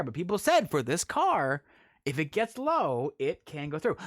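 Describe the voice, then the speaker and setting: A man chatting casually with his stream audience as he tells a story, animated and often laughing. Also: on the high side, fairly quick, faint music behind. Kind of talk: casual story time chat.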